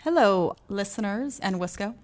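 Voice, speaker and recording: A woman's voice: mid-range voice, animated, moderate pace, a little mellow. A woman co-hosting a podcast, chatting casually with dry, teasing remarks. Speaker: podcast co-host.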